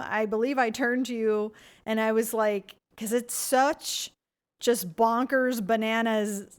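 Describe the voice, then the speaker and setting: A woman in a casual chat, bubbly and gushing about a movie she loves. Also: a little high. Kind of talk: casual film discussion.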